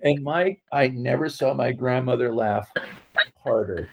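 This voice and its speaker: A man's voice: medium pitch, measured pace, vocal fry, muffled recording. A middle-aged man telling family stories in casual conversation, rambling with lots of fillers and restarts and laughing at his own anecdotes. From California. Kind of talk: casual storytelling.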